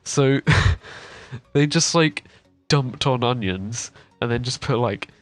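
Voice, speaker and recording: A man's voice: mid-range voice, takes it slowly, no room sound. A young man co-hosting a casual podcast, telling a story about a bad sandwich shop visit. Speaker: podcast co-host. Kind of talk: casual chat.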